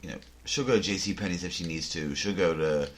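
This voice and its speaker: Deep-voiced man telling a rambling story. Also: quick pace. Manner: rambling, self-interrupting, deadpan jokes. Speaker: podcast host. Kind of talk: casual storytelling chat. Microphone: headphones and desk mic.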